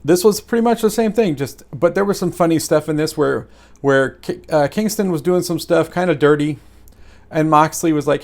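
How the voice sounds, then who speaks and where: A man casually reviewing wrestling matches in a rambling, animated way, with lots of fillers and chuckles. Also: fairly high pitch, fairly quick, vocal fry.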